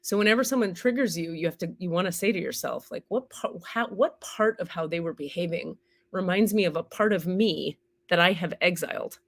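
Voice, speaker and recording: A woman's voice: lowish voice, fairly quick. A woman teaching on a live stream in a candid, casual way, swearing freely and acting out the inner voices she describes. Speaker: spiritual teacher and healer.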